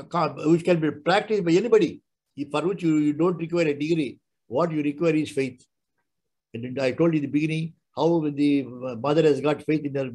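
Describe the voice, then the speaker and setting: An older man, giving a devotional talk and telling stories with acted-out dialogue and halting restarts. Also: fairly high pitch, a little mellow, poor audio. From India. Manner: halting, repeats words and restarts, acts out dialogue. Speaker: spiritual speaker.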